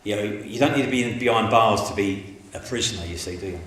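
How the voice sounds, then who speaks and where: A middle-aged man recounts his story in a candid, colloquial way and acts out each person he quotes. His voice sits fairly low. It rings around a very echoey room with a faint hiss underneath. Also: quick pace. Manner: animated, colloquial, acts out the people in his stories. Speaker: interviewee giving a testimony.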